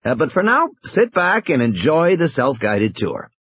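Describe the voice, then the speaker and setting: A man's voice: fairly high pitch, big pitch swings, a little slow, breathy edge, dry recording, dull audio, pitched above the performer's own voice, exaggerated voice. A man voicing a cheerful, salesy male park publicist with a raised, upbeat tone. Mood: cheery salesy.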